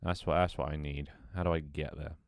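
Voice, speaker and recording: A man with a very deep voice and little pitch movement thinks aloud while building a game level on a livestream, talking briskly. He mutters to himself, swears often, jokes with his chat, and his voice cracks now and then. The recording is dry, with clean studio sound.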